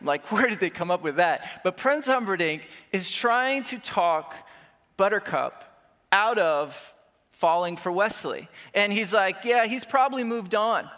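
High-voiced pastor in a reverberant hall. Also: male voice, lively intonation, unhurried, pushed and bright. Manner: conversational, self-deprecating, with playful quoted asides. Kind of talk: sermon.

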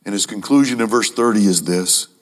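A man preaching a sermon to a congregation, emphatic, repeating key phrases and speaking to the audience as ladies and gentlemen. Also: on the low side, fairly quick.

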